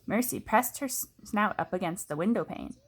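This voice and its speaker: Woman teacher, children's book read-aloud, expressive and lively pitch. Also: normal speed, slightly rough. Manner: expressive, storytelling.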